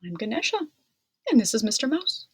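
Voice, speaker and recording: A woman's voice: on the high side, sing-song, fairly quick, breathy edge, no room sound. A woman voicing a playful young boy god in a children's storybook read-aloud, sounding childlike and a little whiny. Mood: apologetic. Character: young boy god with elephant head, playful and sweet-toothed.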